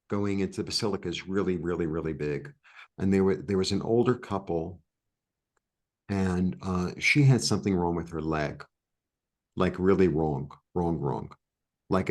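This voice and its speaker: This deep-voiced guest from New York spins an animated, meandering tale during an interview, often restarting and leaning on fillers. It's a relaxed storytelling conversation.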